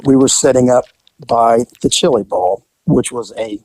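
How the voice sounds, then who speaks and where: Chatting casually, a retired police officer in his older years spins stories and brings the people in them to life by acting out their quotes. He speaks at medium pitch and a moderate pace. The audio is poor, though there's no room sound.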